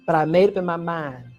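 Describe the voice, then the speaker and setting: A woman's voice: on the low side, darkish tone. A woman telling a personal story, dramatic and vivid, acting out each scene and calling the listener honey. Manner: dramatic, acts out scenes and voices.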